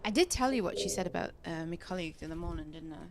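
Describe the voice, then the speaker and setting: A woman's voice: on the low side, animated, racing, noisy background. A woman chatting casually while playing a game, telling indignant stories about work. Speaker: gamer.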